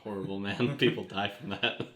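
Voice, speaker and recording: Chill guy cohost, teasing banter, lowish voice, echoey room. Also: steady tone, a little fast, fairly bright tone. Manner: laid-back, teasing banter. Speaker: podcast co-host. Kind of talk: casual chat. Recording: roomy echoey recording.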